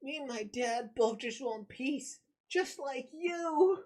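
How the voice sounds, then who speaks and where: Man doing a high-pitched earnest boy, hopeful and pleading, comic-reading voice. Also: expressive, slow, full character voice. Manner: bright pleading encouragement.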